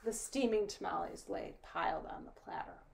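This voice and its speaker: A woman reading a children's storybook aloud, her narration soft and often dropping to a whisper. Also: medium pitch, very animated, moderate pace, vocal fry, slight background noise.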